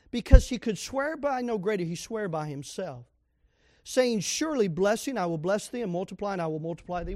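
A man with a high voice preaches a sermon, reading scripture aloud and putting questions to the congregation. He pushes into sudden loud emphasis, and the sound is dry and close. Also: no echo. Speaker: pastor.

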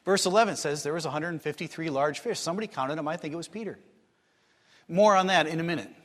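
Storytelling preacher in a reverberant hall. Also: male voice, on the high side, fast. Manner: storytelling, acts out quotes, rises to excited bursts. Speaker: pastor. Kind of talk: sermon.

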